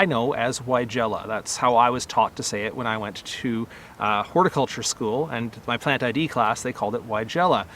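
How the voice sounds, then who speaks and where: A middle-aged man who runs a rose nursery, talking casually to camera in a relaxed, conversational way, with fillers and self-corrections. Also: mid-range voice, slight background noise. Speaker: rose nursery grower and channel host.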